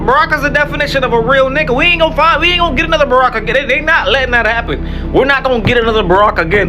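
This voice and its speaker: A man talking casually to camera in heavy slang, emphatic and repeating himself. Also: extremely high pitch. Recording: loud music behind the voice.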